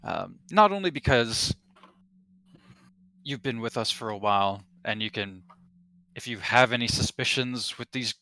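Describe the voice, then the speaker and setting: A man voicing a steady male rebel leader giving orders in a tabletop game. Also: medium pitch, a little slow, pauses often. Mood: encouraging. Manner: briefing with hesitations, plain and direct. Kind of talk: tabletop role-play voice.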